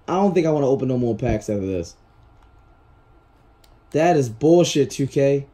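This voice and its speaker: A man's voice: medium pitch, measured pace, mellow. A man hosting his own gaming channel, ranting and swearing in casual commentary. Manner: frustrated, ranting, swears a lot.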